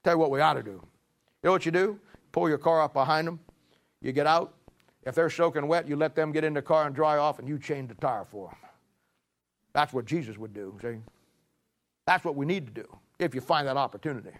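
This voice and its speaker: A man preaching a sermon, emphatic and repetitive, swinging between loud emphasis and hushed, drawn-out lines. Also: fairly high pitch.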